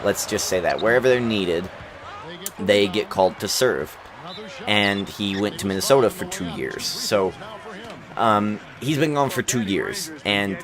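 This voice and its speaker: A young man hosting a gaming video, chatting casually and rambling with lots of fillers and restarts. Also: on the low side. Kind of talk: casual chat over gameplay. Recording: crowd noise from the game behind. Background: basketball game crowd.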